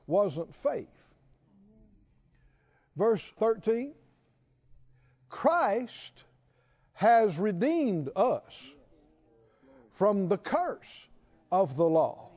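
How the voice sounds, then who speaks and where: A man's voice: sits high, very animated, drawn-out words, pauses often, mellow, muffled recording. A man preaching a sermon to a responding congregation, repeating questions and building to emphatic calls.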